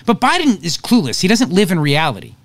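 A man's voice: high-pitched, huge pitch swings, brisk, creaky, dry recording. A man hosting a talk show, giving opinionated political commentary in an emphatic, sarcastic way.

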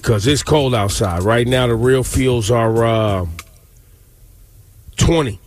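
Joking New radio host. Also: male voice, mid-range voice, soft background music. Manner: joking, slangy, drawn-out delivery. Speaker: radio morning show host. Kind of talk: casual studio banter.

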